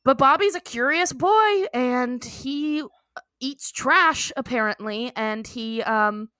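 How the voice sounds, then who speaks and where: A woman's voice: high-pitched, slow pace, bright, forceful tone, clear, resonant tone, dry recording, studio quality. Giggly woman podcast co-host. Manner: laughs often, acts out characters' lines while retelling. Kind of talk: casual chat recapping a cartoon episode.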